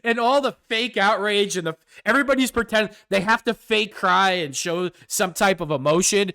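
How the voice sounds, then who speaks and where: A man's voice: sits high, moderate pace, few pauses, pushed and bright, clear, resonant tone, no room sound, studio quality. A man hosting his own show, delivering a sarcastic, combative political commentary rant. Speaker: host.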